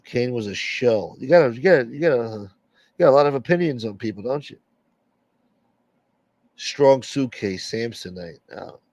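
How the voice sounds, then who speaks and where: A man's voice: mid-range voice, animated, normal speed, long pauses, a little mellow, dry recording, highs cut off. A man hosting a late-night livestream and rambling bluntly through strong opinions in casual chat. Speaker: livestream host.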